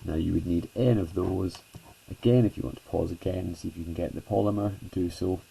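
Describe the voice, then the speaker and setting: Low, gravelly man teaching chemistry. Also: fairly even intonation, brisk, warm tone, low-quality recording. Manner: chatty, self-deprecating, lots of "okay" and "so". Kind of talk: whiteboard lesson narration.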